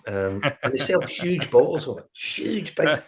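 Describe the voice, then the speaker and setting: A middle-aged man with a Northern Irish accent, telling animated travel stories in casual chat and acting out the dialogue. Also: a little high, a little slow, a little hiss or hum. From Northern Ireland. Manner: animated storyteller, acts out dialogue. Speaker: whiskey show guest.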